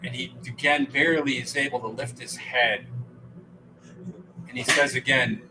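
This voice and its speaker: A man narrating as game master, describing scenes in an unhurried, descriptive way. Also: mid-range voice, steady tone, noisy background. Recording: music playing behind.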